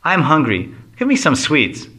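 A man's voice: a little high, huge pitch swings, unhurried, pushed and bright, slightly rough, voice pushed up, exaggerated voice. A man voicing a boastful, hungry young male Brahmin jester who whines and pleads indignantly.

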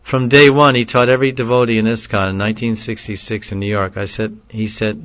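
Low-voiced man giving a devotional lecture. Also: little pitch movement, brisk, hardly any pauses, fairly bright tone. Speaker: preacher. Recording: dull lo-fi recording.

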